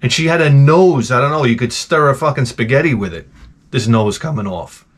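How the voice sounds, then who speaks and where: A man's voice: medium pitch, animated, brisk. Profane middle-aged man ranting. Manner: profane, blunt, wisecracking. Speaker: retro game channel host. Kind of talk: rambling comedic rant.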